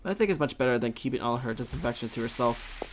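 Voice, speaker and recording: A gamer voicing a calm, easygoing middle-aged father who speaks in a lowered voice. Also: fast talker, slight background noise, natural voice.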